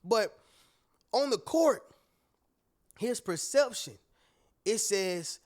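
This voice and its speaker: High-voiced emphatic male motivational speaker. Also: expressive, extremely slow. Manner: preachy, emphatic, keeps checking in with listeners. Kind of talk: motivational talk to viewers.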